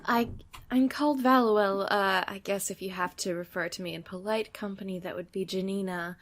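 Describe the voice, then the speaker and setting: A woman's voice: medium pitch, fairly even intonation, normal speed, natural voice. A woman voicing a polite adventurer who introduces herself a little hesitantly in a tabletop game.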